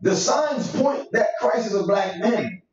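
High-voiced man preaching in echoey hall. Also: animated, a little slow. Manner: emphatic, conversational preaching with street slang. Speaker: church elder leading Bible study. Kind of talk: sermon-style Bible teaching. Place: church meeting room. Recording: echoey room, distant mic, dull sound.

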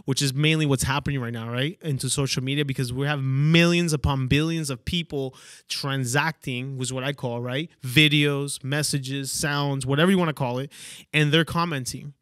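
A man's voice: medium pitch, steady tone, normal speed, fairly bright tone, no room sound, clean studio sound. A man hosting a podcast and giving a motivational monologue, stressing key words and checking in with "okay?" and "right?". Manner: emphatic, repeats "okay?" and "right?" for emphasis. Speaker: podcast host.

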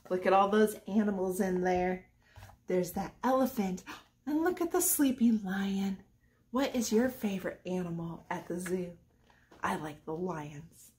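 A woman from a church reading a rhyming picture book aloud to children in a gentle sing-song voice, going soft near the end. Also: medium pitch, measured pace.

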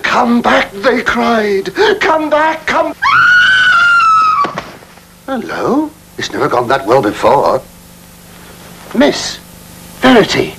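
An actor playing a fussy, bumbling middle-aged music-hall entertainer who talks in cheeky, camp asides and mock-dramatic recitation, in a 1970s film comedy. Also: male voice, high voice, sing-song, slow, vocal fry, long pauses, raised voice, very noisy, exaggerated voice. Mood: fussing. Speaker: comic entertainer.

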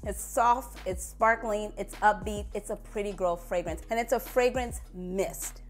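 A woman's voice: medium pitch, steady tone, a little slow, soft background music. A woman vlogger chatting casually to camera, sassy and playful, laughing at herself as she talks. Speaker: beauty vlogger.

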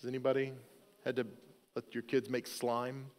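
Joking storyteller pastor in a big hall. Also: male voice, medium pitch, completely flat delivery, normal speed, darkish tone. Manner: conversational storytelling with self-deprecating humor. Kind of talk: sermon. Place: church sanctuary.

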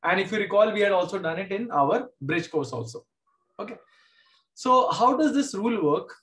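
Casting: Indian English male math teacher, high voice, patient step-by-step delivery. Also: expressive, moderate pace, a bit bright, echoey room. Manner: explains step by step, repeats key points. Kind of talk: classroom lecture.

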